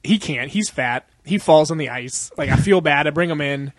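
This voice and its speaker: A man's voice: on the high side, normal speed, no room sound. Laid-back profane young man. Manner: rambling, profane, laughs a lot, acts out quotes. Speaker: podcast co-host. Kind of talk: casual chat.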